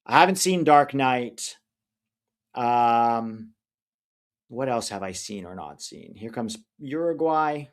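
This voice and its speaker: Hosting a watch-along livestream, a man reads out viewer comments and chats casually, speaking slowly and expressively at a medium pitch. He rambles, offers easygoing opinions and frequently forgets names mid-sentence.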